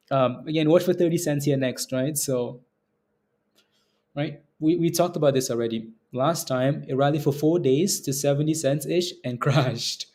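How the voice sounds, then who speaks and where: Slightly mellow and on the high side, this man's voice keeps a measured pace. He runs a live stock trading stream, making easygoing conversation with viewers and laughing frequently as he discusses the market.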